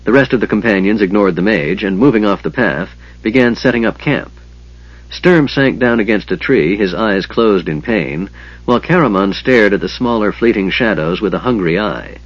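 Husky low-voiced male narrator. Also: no echo, dull audio. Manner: measured, storytelling. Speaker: audiobook narrator. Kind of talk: scripted fantasy narration.

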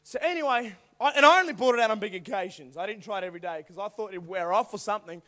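A young man preaching to a youth group through animated personal stories, acting out voices and now and then bursting into shouts. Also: high-pitched, fast. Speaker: youth speaker. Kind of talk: storytelling youth sermon.

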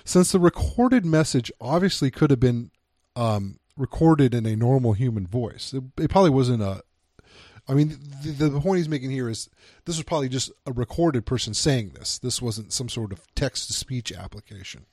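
A man's voice: medium pitch, expressive, normal speed, a little mellow, no echo, clean studio sound. A man co-hosting a film podcast, chatting casually and reading review quotes aloud with hesitant restarts. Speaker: podcast co-host.

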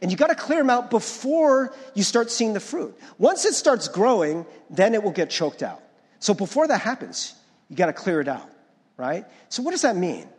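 A man's voice: sits high, big pitch swings, moderate pace, husky, big-room sound. A male pastor preaching a conversational sermon, often checking in with the congregation and restarting his words. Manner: restarts and stumbles over words.

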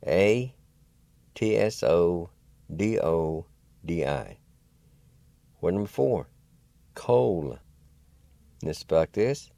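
A man teaches vocabulary over the radio, spelling each word out letter by letter at a very slow, patient pace. His voice sits low and mellow, and he encourages listeners in a folksy manner. The studio sound is dry and close. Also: animated, gravelly, no room sound. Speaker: radio host and language teacher. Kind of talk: radio language lesson.

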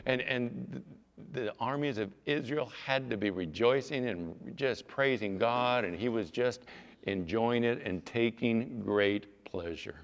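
A man preaching a sermon as a pastor, telling the story with animated, acted-out storytelling. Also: medium pitch, unhurried, vocal fry, lo-fi sound. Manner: animated storytelling, acting out scenes. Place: church sanctuary. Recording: long hall reverb.

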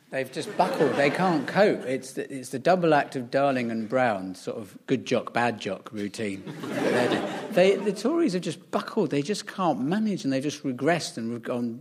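A man's voice: mid-range voice, lively intonation, moderate pace, background noise. A man on a comedy panel, ranting in a mocking way and mimicking posh voices. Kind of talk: comic rant.

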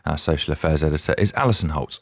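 A British man reads the morning headlines with a brisk, clear delivery. His voice is very deep, and he moves at a quick clip. The studio sound is dry. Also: animated, dry recording. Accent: British English. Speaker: radio presenter. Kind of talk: news reading.

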